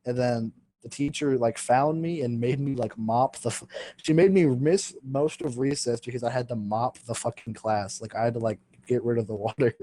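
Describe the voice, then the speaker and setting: A man's voice: mid-range voice, moderate pace, mellow. Young man rambling through a school story. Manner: rambling, lots of fillers and swearing, laughs mid-sentence. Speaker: podcast host. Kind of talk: casual storytelling chat.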